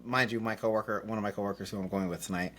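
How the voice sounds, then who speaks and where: A young man co-hosting a podcast in casual chat, telling animated stories, swearing casually and laughing often. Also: on the low side, very fast. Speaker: podcast co-host.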